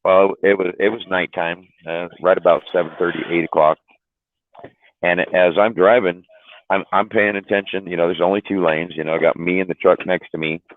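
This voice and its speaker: A middle-aged male trucker tells a long road story in casual chat. His voice is very low, and he stumbles and repeats himself as he goes. The sound is dry and tinny, like a phone line. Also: fairly even intonation, brisk, no echo. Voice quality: deep, drawling, repeats words while telling. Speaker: truck driver telling a story.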